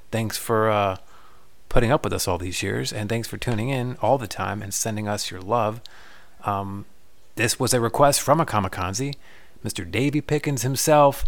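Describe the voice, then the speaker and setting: A man's voice: medium pitch, creaky. A man hosting a podcast, chatting casually and loosely with many fillers. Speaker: podcast host. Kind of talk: casual chat.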